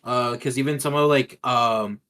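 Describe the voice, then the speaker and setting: A man co-hosting a casual gaming podcast, talking haltingly with many fillers. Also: medium pitch, steady tone, fairly bright tone. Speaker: podcast co-host. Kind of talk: casual chat about video games.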